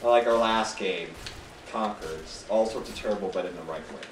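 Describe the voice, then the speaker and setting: A man's voice: on the low side, normal speed, roomy sound, distant mic, background noise. A man co-hosting a gameplay video, chatting casually, joking and laughing often as he plays. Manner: jokey, rambling, laughs often. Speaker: gaming video co-host.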